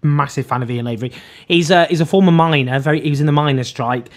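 A podcast co-host who trades quick, teasing banter and then argues political points earnestly. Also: medium pitch. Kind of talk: casual political chat.

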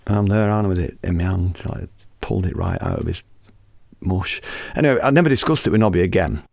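A man in his fifties hosting a podcast, telling a story in a lively, casual way, acting out the scene and swearing freely. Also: low voice, fast talker, gravelly, no echo. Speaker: podcast host and musician.

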